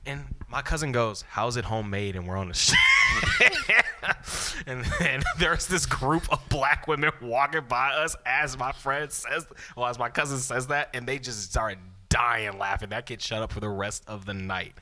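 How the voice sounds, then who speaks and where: A man's voice: mid-range voice, normal speed, few pauses, slight background noise. A man co-hosting a podcast, telling a funny story in casual chat, laughing often and acting out what people said. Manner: animated, laughs often, acts out quotes. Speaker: podcast co-host.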